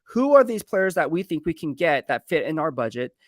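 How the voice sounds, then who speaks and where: Chatty sports writer guy on a live stream, rambling, kinda high voice, dry sound. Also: big pitch swings, a little fast, no room sound. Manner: rambling, conversational, self-correcting; reads viewer comments aloud. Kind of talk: casual live-stream analysis.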